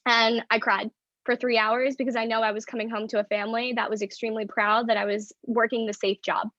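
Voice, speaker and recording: A woman's voice: on the high side, flat delivery, a little fast, fairly bright tone, no room sound, lo-fi sound. A woman in her twenties from the northeastern US, a podcast guest telling a personal story frankly, with lots of "like" fillers. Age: 20s. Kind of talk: candid storytelling in a podcast interview.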